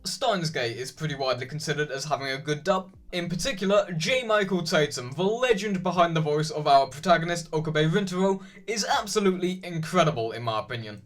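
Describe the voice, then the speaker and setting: A young man narrating a chatty, opinionated video essay. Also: sits high.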